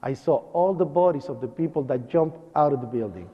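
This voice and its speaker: Guy with a high voice telling a harrowing story on stage, big echoey hall, muffled old recording. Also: a little fast. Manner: vivid, acts out sounds and cries, emotional. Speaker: eyewitness lecturer. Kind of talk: dramatic first-person storytelling to an audience. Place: lecture hall. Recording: dull lo-fi recording with long hall reverb.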